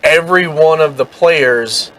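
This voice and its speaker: A man's voice: on the high side, unhurried, fairly bright tone, poor audio. A man co-hosting a podcast, recounting a tabletop game he ran in a rambling way. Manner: rambling, with many fillers while recounting. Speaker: podcast co-host and game master. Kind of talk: casual chat, storytelling.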